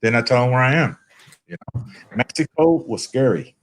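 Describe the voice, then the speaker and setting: With a Canadian accent and lively intonation, this middle-aged recovery meeting guest shares casual stories in a mid-range voice at a moderate pace, over slight background noise. He comes across as earnest and folksy, raising his voice when quoting others.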